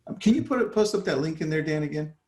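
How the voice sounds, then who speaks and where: A man's voice: fairly high pitch, animated, fast, a little mellow, roomy sound. A man coaching real estate agents in a casual live talk, acting out his phone calls with sellers. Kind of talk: live online training talk.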